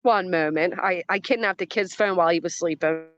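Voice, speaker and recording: Speaking on the low side and fairly quickly, with a slightly bright tone, this commentary stream host reacts to a clip and greets her chat. She's skeptical and combative as she dissects what she hears, and the audio is muffled.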